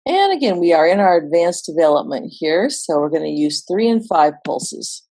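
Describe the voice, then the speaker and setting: A woman vocal coach explaining singing exercises in a relaxed, instructional way. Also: lowish voice, normal speed, over music. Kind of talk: instructional voice lesson.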